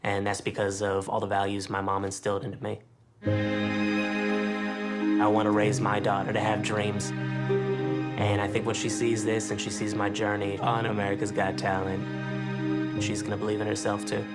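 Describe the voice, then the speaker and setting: A man's voice: fairly low pitch, moderate pace, long pauses. A man in his thirties speaking earnestly in an interview segment about his family. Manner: earnest, steady talk. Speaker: contestant. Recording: under loud music.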